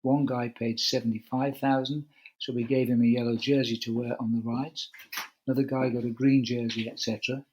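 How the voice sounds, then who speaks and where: On a video call, an older man who is a veteran cycling commentator tells a long, chatty anecdote, acting out the quoted lines. His mid-range voice is level, slightly fast and a little mellow, and the lo-fi recording carries a bit of hiss or hum.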